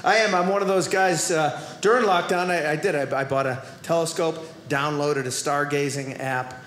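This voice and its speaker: A man with a Boston accent doing a stand-up comedy routine on stage, playful and animated, now and then shouting asides and then dropping quiet. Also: a little high, moderate pace. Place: comedy club stage before a live audience. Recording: roomy live stage recording.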